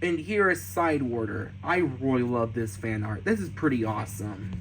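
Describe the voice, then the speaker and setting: A man casually flipping through his sketchbooks on a vlog, gasping and gushing with excited exclamations. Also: medium pitch, normal speed, a little hiss or hum, poor audio. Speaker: artist showing his sketchbooks.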